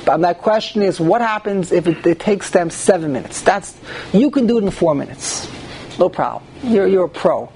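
Rabbi giving a class to a small group, high voice, rhetorical questions, faint noise behind. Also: male voice, expressive, moderate pace, vocal fry, a little mellow. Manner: asks the group rhetorical questions and restarts sentences often. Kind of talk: Torah class on prayer law.

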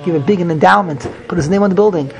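A man teaching a Talmud class, an animated, repetitive, joking storyteller who mixes in Hebrew and Yiddish terms. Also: high-pitched, racing, crowd noise. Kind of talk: Daf Yomi Talmud class.

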